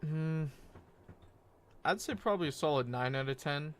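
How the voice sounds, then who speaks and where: A man's voice: on the high side, expressive, moderate pace, smooth. Laid-back young man streamer. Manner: rambling and laid-back, many fillers and self-corrections. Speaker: game streamer. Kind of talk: casual stream chat.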